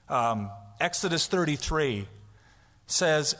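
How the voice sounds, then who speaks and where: A man preaching a conversational expository sermon as pastor, animated and casual, sometimes acting out loud prayers for effect. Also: mid-range voice, normal speed, in a large hall.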